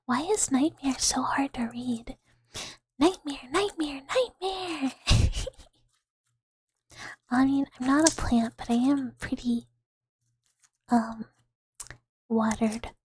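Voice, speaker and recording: A woman hosting a whispered ASMR livestream, giggly and playful, repeating words as triggers in a breathy whisper close to the mic. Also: a little high, steady tone, takes it slowly, pauses often, a little mellow, dry recording. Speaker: ASMR streamer.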